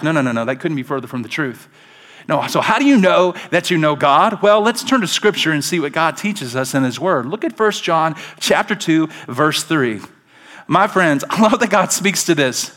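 A man, a pastor, preaching a conversational sermon at a church service, moving from quiet asides to emphatic calls. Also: on the high side, animated, normal speed.

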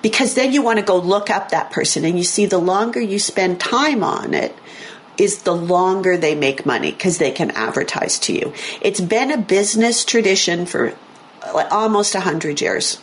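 A woman hosting a radio talk show, explaining brain science in a chatty, self-correcting way, her voice a little hoarse. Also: medium pitch, lively intonation, moderate pace, a little hiss or hum. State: slightly hoarse, losing her voice. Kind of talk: casual talk radio chat. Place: radio studio.

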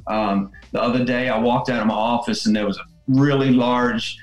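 A man guest, a salon owner, telling heartfelt stories in relaxed conversation. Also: mid-range voice, normal speed. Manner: earnest, heartfelt. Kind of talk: conversational storytelling. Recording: roomy echo, faint music.

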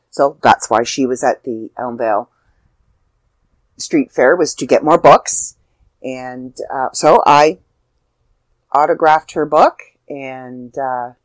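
A woman's voice: deep voice, dry recording, low-quality recording. An older woman, an author, telling a heartfelt personal story in a casual, rambling way with fillers and restarts.

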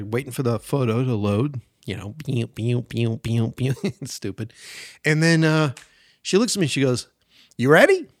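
Animated man in his forties telling a story. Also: medium pitch, no echo, studio quality. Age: 40s. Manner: animated, profane, acts out quoted people. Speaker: podcast host. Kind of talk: casual storytelling.

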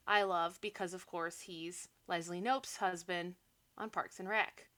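A young woman talks through a film plot in loose, animated podcast chat. Her voice is bright and crisp, and she laughs often and drops sarcastic asides. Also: lowish voice, unhurried. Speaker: podcast co-host. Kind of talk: casual movie recap chat.

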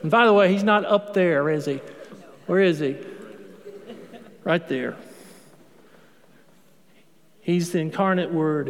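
A priest giving a sermon in an emphatic, conversational way, repeating words for effect. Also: male voice, high-pitched. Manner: conversational preaching, emphatic repetition. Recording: long hall reverb.

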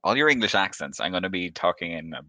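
Deep bright-voiced game master. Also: male voice, fast talker, no room sound. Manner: relaxed, laughing often, many fillers. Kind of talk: narrating a tabletop game.

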